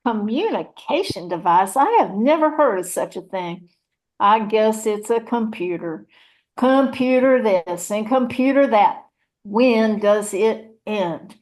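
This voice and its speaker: A woman's voice: medium pitch, natural voice. A woman voicing a chatty, churchgoing rural mama, rambling in a folksy, motherly way. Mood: scolding, motherly. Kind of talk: one-woman audio play reading.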